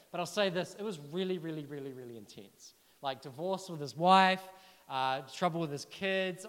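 A man preaching a sermon, telling personal stories in a chatty, animated way and asking the listeners questions. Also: high-pitched, big-room sound. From New Zealand.

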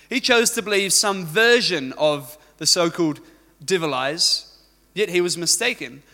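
A man's voice: a little high, pushed and bright. A man preaching a sermon, opening with a prayer and telling a story with joking asides. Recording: echoey hall reverb.

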